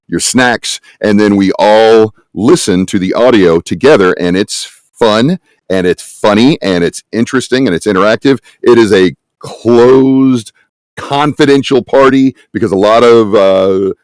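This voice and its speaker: A man's voice: fairly low pitch, a little mellow, no room sound. A man on a conference panel who casts voices for games, talking emphatically and checking in with the audience. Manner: emphatic, conversational, tags points with "right?". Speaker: conference panelist, game casting producer. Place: conference room.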